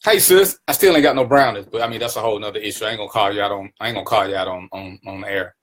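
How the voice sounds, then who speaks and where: A man's voice: on the low side, very fast, fairly bright tone. A man hosting his own live stream, greeting viewers by name and teasing them in casual, playful banter. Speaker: livestream talk show host.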